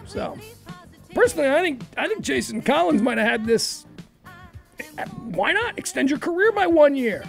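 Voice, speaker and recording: A woman hosting a talk radio show in a studio, opinionated and riffing quickly in casual commentary. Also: high-pitched, big pitch swings, creaky, soft background music. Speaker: radio host.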